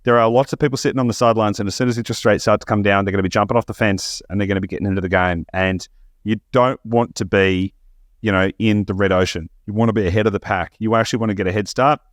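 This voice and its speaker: A man chatting on a podcast as host, animated and quick, often restarting his sentences. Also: on the low side, dry recording, studio quality. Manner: fast, animated, stumbling restarts. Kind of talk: casual podcast chat.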